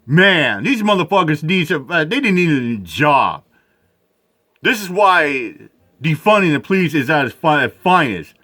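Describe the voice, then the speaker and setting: A man's voice: fairly high pitch, very animated, a little slow, bright, forceful tone. A man giving profane, outraged commentary while reacting to news footage.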